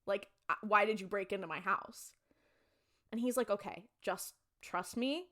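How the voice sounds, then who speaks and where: A young woman co-hosts a casual podcast, her voice sitting in a middle range. She retells an episode with lively storytelling, jumping between the characters' quoted lines. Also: mid-range voice, moderate pace. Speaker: podcast co-host. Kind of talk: casual chat recapping a TV episode.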